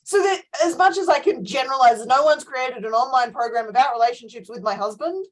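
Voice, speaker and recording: A middle-aged woman coach talking in a casual group discussion, animated and ranting, often laughing between points. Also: sits high, brisk, poor audio.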